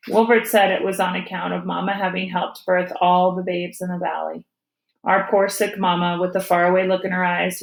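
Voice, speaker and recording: A woman teacher reading a novel aloud to her students with gentle storytelling. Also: lowish voice, vocal fry, echoey room, rough recording.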